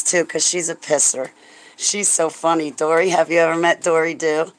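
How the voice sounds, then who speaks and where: A woman's voice: sits low, fairly even intonation, moderate pace, fairly bright tone, rough recording. Rambling, laughing woman on a livestream. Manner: emotional, profane, laughs often; prays aloud at times. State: stressed. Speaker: livestream host. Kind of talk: rambling livestream chat with viewers.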